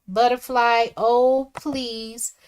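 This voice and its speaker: Woman reading her livestream chat out loud, kinda high voice, chatty, gets loud then quiet. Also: little pitch movement, extremely slow, slight background noise. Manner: chatty, reads comments aloud and reacts, swings from soft asides to loud exclamations. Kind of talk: casual live chat commentary.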